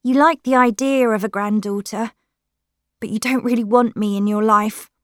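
Woman reader voicing a young girl, high and raw-edged, drawn out slowly. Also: big pitch swings, no room sound, studio quality. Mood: angry. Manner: high, emotional, pleading then shouting. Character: upset young girl meeting her grandfather.

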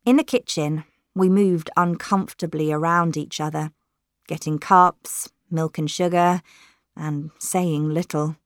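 Woman storybook narrator, measured, slow, dry studio sound. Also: sits low, dry recording. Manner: measured, careful reading. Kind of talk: scripted first-person narration.

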